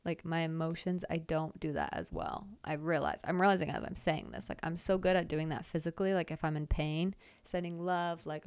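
A woman's voice: low-pitched, expressive, a little fast, hardly any pauses, darkish tone, clear, resonant tone, no room sound. A young woman hosting her own podcast, telling a rambling, chatty story full of fillers and self-deprecating jokes. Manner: lots of filler "like". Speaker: podcast host. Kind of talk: casual storytelling monologue.

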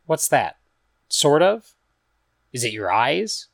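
A man voicing a caring, determined woman in a storybook reading who asks gentle questions and sometimes speaks in a hush. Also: medium pitch, sing-song, slow, vocal fry, dry recording, studio quality, voice pushed up, heavily acted. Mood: gently probing. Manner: gentle questioning, hushed at times.

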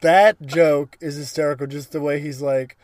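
A young man in casual chat, excitedly retelling cartoon scenes and acting out lines in goofy voices. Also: a little high, normal speed. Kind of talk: casual episode recap chat.

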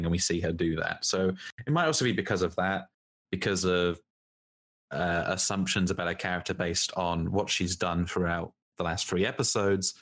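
A man's voice: low voice, moderate pace, a bit bright. A man co-hosting a podcast, chatting casually and bluntly, often cutting in. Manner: talks over his co-host, blunt opinions. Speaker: podcast co-host. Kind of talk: casual chat.

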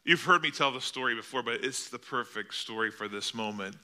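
A man's voice: mid-range voice, a little fast, bright, forceful tone, a little hiss or hum. A male pastor preaching a sermon in a church, telling a story with vivid, dramatic delivery. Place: church sanctuary.

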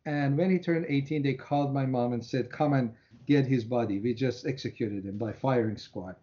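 A man's voice: normal speed, warm tone. A man in his sixties from Iran, a Christian minister telling his personal testimony in an interview, earnest, repeating words and acting out his prayers. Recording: muffled low-fidelity audio.

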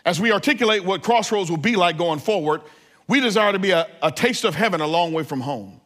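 A man preaching as a pastor, telling a family story with lively asides to the congregation. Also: high-pitched, fast. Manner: animated, acts out family scenes. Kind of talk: sermon.

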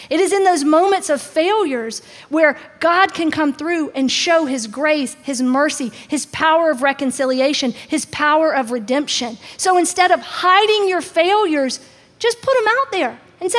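High-voiced woman preaching in a hall. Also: expressive, moderate pace. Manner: conversational, acts out quotes with shifting pitch. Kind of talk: sermon. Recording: long reverb of a large hall.

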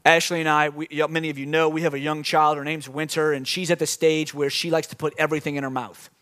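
A young man preaching a sermon, telling stories in an animated way and breaking into sudden loud outbursts. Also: a little high, fast. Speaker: pastor.

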